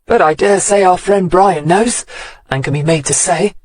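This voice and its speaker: A brisk male detective fires short, wry questions at a suspect, as a narrator puts him on. His voice is raised a little, and the recording is close and dry. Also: high-pitched, darkish tone, husky, dry recording. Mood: curt. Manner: curt and wry. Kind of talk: audiobook character voice.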